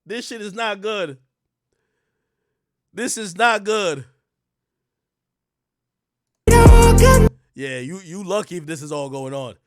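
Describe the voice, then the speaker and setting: A young man ranting in a casual, profane way, laughing and breaking into loud bursts as he comments. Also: sits high, a little slow, pauses often, faint music behind. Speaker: streamer and commentator. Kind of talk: casual rant.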